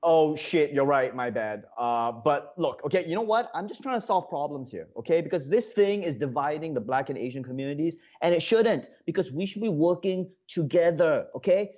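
A man's voice: a little high, expressive, moderate pace, few pauses, darkish tone, muffled recording. A man doing comedic sketch banter as a correspondent, mock-indignant and heated, with lots of uh fillers.

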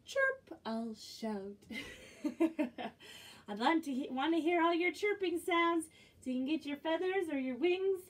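Woman, children's librarian, sing-song action rhymes, unhurried, distant mic. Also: very high-pitched, lively intonation. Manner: sing-song, encouraging, talks directly to young children. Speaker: children's librarian leading music and movement. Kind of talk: children's action songs and movement.

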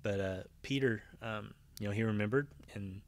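A man's voice: on the low side, normal speed. A man preaching a conversational Bible-teaching sermon, retelling scenes with voiced quotes and frequent fillers and restarts. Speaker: pastor.

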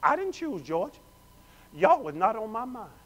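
A male pastor with a high voice and a very lively, sweeping pitch. He preaches with call-and-response, urging the congregation on as family. His volume dips from loud declarations to near-whispered asides. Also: moderate pace, lo-fi sound. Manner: swings between loud declarations and hushed, low asides. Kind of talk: sermon. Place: church sanctuary.

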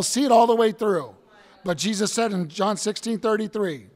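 A man preaching a sermon as pastor, emphatic, bursting into shouts and acting out stories. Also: sits high, normal speed, long reverb tail.

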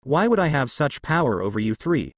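A young man who has just become a god, smooth and firm in his questions, read by a man. His intonation moves a lot. It sounds close and dry. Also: mid-range voice, big pitch swings, fairly quick, no room sound.

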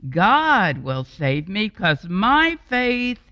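A woman's voice: mid-range voice, very animated, drawn-out words, sharp tone, voice pushed up, heavily acted. A woman voicing a stubborn, self-righteous man who insists on his faith in a lofty tone. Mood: smug. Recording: dull, lo-fi and dry.

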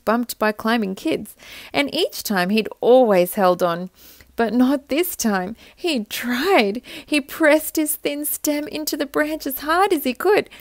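A woman reading a children's storybook aloud in a gentle, expressive way. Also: mid-range voice, dry recording, clean studio sound.

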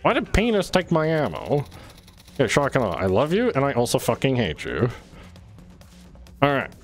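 A man's voice: medium pitch, huge pitch swings, normal speed. A man streaming a game, ranting and swearing in exasperated, repetitive bursts. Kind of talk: frustrated gameplay commentary. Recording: faint music behind.

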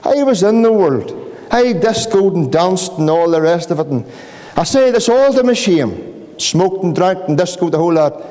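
Middle-aged Northern Irish preacher, raised voice, pleading and impassioned, long hall echo. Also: male voice, animated. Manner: pleading, rising to impassioned pitch and slowing to hushed questions. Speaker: pastor. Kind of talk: evangelistic sermon. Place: church hall.

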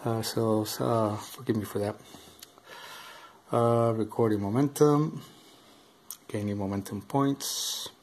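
A man reading a rulebook aloud in a halting, hesitant way, full of ums and uhs, filmed on a camera above the table. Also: on the low side, fairly even intonation, a little mellow. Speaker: board game unboxing host. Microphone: camera filming over the table.

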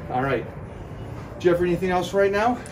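A man mid-cardio, short of breath, talking straight to his fans in a pumped-up pep talk. His pitch sits in a middling register, and he grabs a breath after every sentence or so. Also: expressive, normal speed, background noise. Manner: pep-talk, addresses viewers directly. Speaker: fitness vlogger. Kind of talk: motivational vlog talk.

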